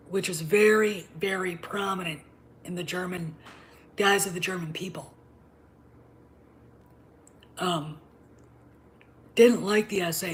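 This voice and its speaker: A middle-aged woman hosting a livestream, talking in an emphatic, combative way and often dropping to a low whisper. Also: a little slow, pauses often, slight background noise. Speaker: show host. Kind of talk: opinionated livestream monologue.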